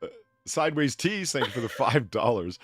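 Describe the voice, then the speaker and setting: A man's voice: medium pitch, big pitch swings, moderate pace, no room sound, soft background music. A man hosting a casual live stream, thanking donors and rambling in a self-deprecating way. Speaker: bartender host.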